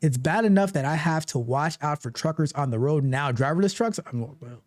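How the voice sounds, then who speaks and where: A man hosting a live tech stream, talking casually with animated, repetitive joking asides. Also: on the high side, moderate pace, no echo, studio quality. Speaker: livestream tech show host.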